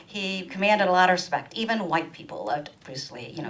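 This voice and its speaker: A woman from Ohio performing stand-up storytelling in a small arts venue, playful and animated, slipping into the voices of the people she quotes. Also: brisk. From Ohio, USA. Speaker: comedian. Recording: distant mic with faint rumble.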